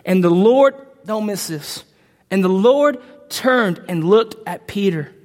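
In a slow, expressive voice of medium pitch and darkish tone, a preacher gives an impassioned, emphatic sermon to a congregation in a large hall. He stumbles now and then while reading scripture aloud, with long hall reverb throughout.

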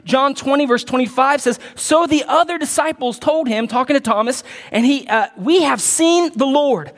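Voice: sits high, normal speed, big-room sound. A pastor preaching a sermon in a conversational way, reading scripture aloud and adding casual asides to the congregation.

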